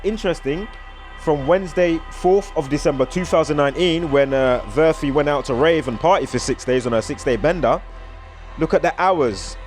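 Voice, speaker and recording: A man's voice: fairly high pitch, normal speed, soft background music. Rambling British man reeling off numbers. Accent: British English. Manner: rambling, reels off strings of numbers. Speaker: vlogger. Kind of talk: casual numerology commentary.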